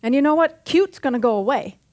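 Preaching in a church, a middle-aged woman pastor keeps things punchy and humorous, repeatedly calling for amens. Her high-pitched voice is expressive and a little mellow, moving slightly fast.

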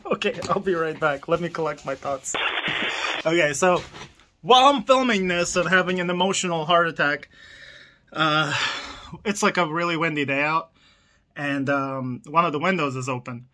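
A young man in an excited, stammering toy unboxing vlog, laughing often and catching his breath. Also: on the high side, normal speed, long pauses, slight background noise. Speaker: toy collector vlogger. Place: room in a house.

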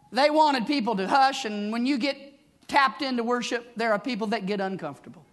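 A man preaching a fervent Pentecostal sermon, shouting in rhythmic bursts and tagging lines with "huh?". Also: extremely high pitch, fairly quick. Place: church sanctuary. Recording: live church with congregation behind.

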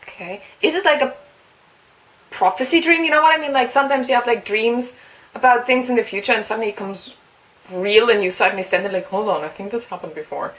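A woman who is not a native English speaker, hosting a casual reaction video and reading along with excited squeals, laughs and musing asides. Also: a little high, a little fast, rough recording. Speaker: webtoon reaction host.

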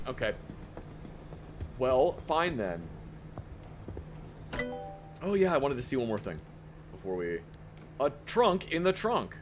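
A man giving casual live gameplay commentary as a streamer, talking to himself and breaking into excited outbursts. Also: takes it slowly, long pauses, a little hiss or hum. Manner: excitable, talks to himself, sudden squeaky outbursts.

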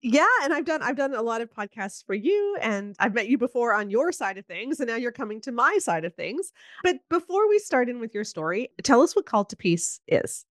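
Woman podcast host, bouncy animated pitch, dry close sound, gushing and chatty. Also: brisk, dry recording. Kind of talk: casual interview chat.

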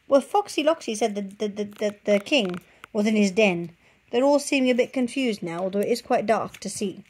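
A young woman reading a picture book aloud to her children, coaxing and expressive. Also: mid-range voice, moderate pace, husky.

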